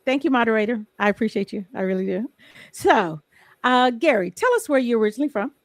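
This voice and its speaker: A woman's voice: fairly high pitch, lively intonation, fast talker, no echo. Chatty woman host reading out comments. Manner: chatty, reads viewer comments aloud. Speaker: talk show host. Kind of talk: casual live-stream interview.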